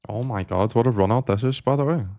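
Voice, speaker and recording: A man's voice: medium pitch, fast, a little mellow. A young man chatting casually to his chat while he plays online poker. He swears often and calls viewers "mate" and "lad". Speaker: poker streamer. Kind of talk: live-stream commentary while playing.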